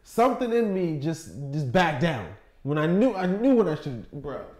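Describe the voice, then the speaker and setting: Animated high-voiced young man, echoey room. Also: normal speed. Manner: animated storytelling, swearing, mimicking voices. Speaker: podcast co-host. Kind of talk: casual chat.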